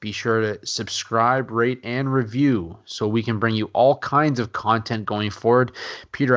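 A man co-hosting a casual sports podcast, relaxed and rambling, often chuckling. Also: fairly low pitch. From Canada. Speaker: podcast co-host. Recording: dull lo-fi podcast audio.

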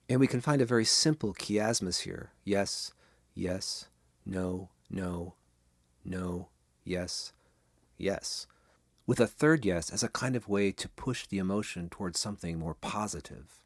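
A man hosting a podcast, reading short-story passages and analyzing them in a measured way. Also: sits low, dry recording, clean studio sound. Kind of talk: literary reading and commentary.

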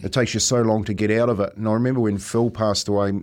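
A man with a New Zealand accent, a former teammate talking casually on a podcast. He speaks in a reflective, halting way, often says "mate", and laughs as he tells stories. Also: fairly low pitch, flat delivery, darkish tone. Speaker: former rugby teammate, guest.

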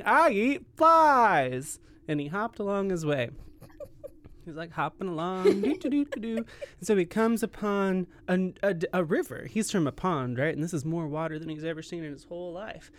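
A man's voice: fairly high pitch, moderate pace. A man in his twenties co-hosting a podcast, telling a story in a rambling, self-mocking way. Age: 20s. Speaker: podcast co-host. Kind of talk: casual chat.

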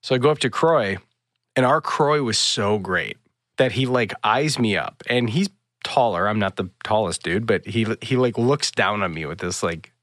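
A man with a fairly low voice tells a story with energy, slipping into other voices for the dialogue. The sound is close and dry, with no room around it. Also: moderate pace, dry recording. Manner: animated storyteller, acts out dialogue. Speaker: podcast host. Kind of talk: casual chat.

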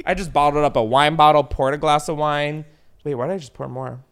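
A man's voice: on the high side, a little fast, clear, resonant tone. A man hosting a podcast, tipsy on wine, telling crude, rambling stories in casual chat. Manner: crude, rambling, lively storytelling.

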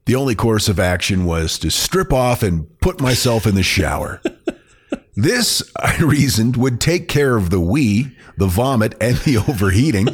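Male podcast host, low voice, animated amused read of a listener email. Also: measured pace, husky. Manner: amused reading, often breaking into laughter. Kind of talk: reading a listener's email aloud.

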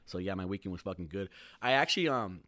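A man's voice: deep voice, lively intonation, quick pace, pushed and bright, no room sound. Rambling, profane man in his thirties. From California. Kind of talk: casual monologue.

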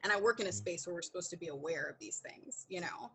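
A woman's voice: lowish voice, quick pace, slight background noise, rough recording. A woman as a podcast guest, telling a candid story with lots of acted-out dialogue and frequent laughter. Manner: animated, acts out quoted dialogue, laughs often.

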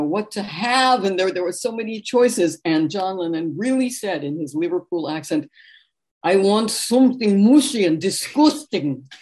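Animated middle-aged woman telling stories. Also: lowish voice. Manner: animated anecdotal storyteller, warm laughs. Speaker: author and interview guest. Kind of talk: conversational interview storytelling.

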